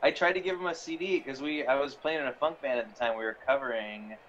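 A man's voice: mid-range voice, quick pace, a bit bright, slight background noise. Rambling man telling a story on a stream. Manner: rambling storyteller with fillers and laughs. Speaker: player. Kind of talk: casual chat while streaming a game. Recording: dull lo-fi stream audio with faint ambience.

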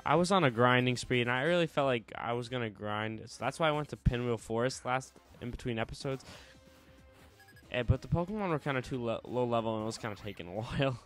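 A man's voice: mid-range voice, fast talker, fairly bright tone, soft background music. A young man hosting a let's play, chatting casually and joking while he plays. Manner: casual, joking, reads game text aloud. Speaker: host. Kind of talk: gameplay commentary.

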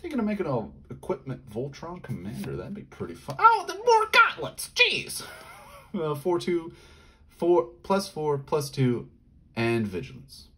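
Excitable man opening card packs. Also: breathy edge. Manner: excitable, yelping in high bursts; rattles off card text quickly. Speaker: card pack opener. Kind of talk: casual pack-opening commentary.

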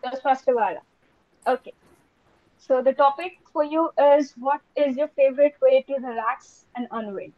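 A woman runs the impromptu speaking part of an online club meeting in a high voice. She repeats each question patiently. Her audio is dull and dry, typical of a video call. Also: normal speed, dry recording. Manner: repeats questions, laughs lightly. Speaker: table topics master. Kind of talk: meeting hosting.

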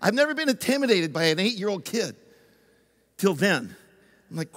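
A man who is a pastor, telling a lively story in a sermon, moving from loud excitement down to hushed intensity. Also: high voice, moderate pace. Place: church sanctuary. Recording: long church reverb.

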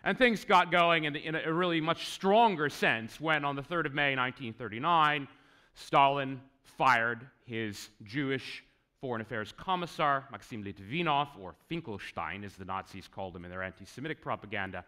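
A man giving a conference lecture on history, conversational and wry, with asides to the audience and swinging emphasis. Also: normal speed. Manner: lively, swinging pitch for emphasis. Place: conference hall.

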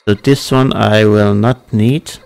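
A man's voice: lowish voice, fairly even intonation, slow pace, gravelly, a little mellow, smooth. A young man hosting a casual let's-play, who laughs often and speaks with non-native phrasing. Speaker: gaming channel host.

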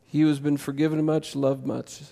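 Pastor, gravelly voice sitting a bit high, impassioned conversational sermon. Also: male voice, flat delivery. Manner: impassioned, conversational preaching with quick swings to loud emphasis. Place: church sanctuary.

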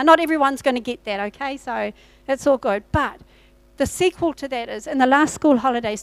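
A woman pastor tells a personal testimony from the pulpit in a high, bright voice. She acts out her own past dialogue as she goes. The sound is dry and close, with little room echo. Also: smooth. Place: church.

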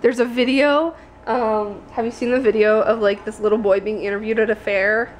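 Chatty young woman with a high voice. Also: steady tone, moderate pace, a little hiss or hum. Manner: chatty storyteller, laughs easily. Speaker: vlogger. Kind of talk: casual chat. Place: apartment indoors.

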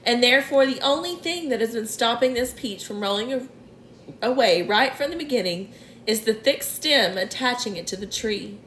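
A woman reading the part of a kind, gentle female ladybird in a storybook, with a motherly, reassuring manner. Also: fairly high pitch, lively intonation, normal speed, roomy sound, slight background noise.

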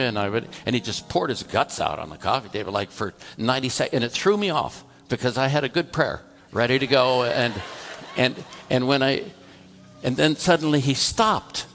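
A man's voice: medium pitch, lively intonation, moderate pace, vocal fry, fairly bright tone. A male pastor telling a story in a conversational sermon, acting out the dialogue between the people in it. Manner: conversational, tells a story through quoted dialogue. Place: church.

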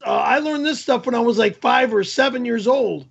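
A man hosting a live stream, talking to his chat in a blunt, irritated way and explaining things slowly. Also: very high-pitched, vocal fry, husky, muffled recording. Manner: angry, yelling and cursing at chat; slow, over-explaining.

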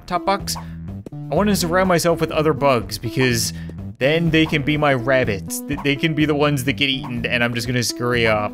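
A young man commenting while playing a video game, excitable, talking to himself and reading game text aloud. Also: high voice. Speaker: gaming channel host. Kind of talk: let's play commentary. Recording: faint music behind.

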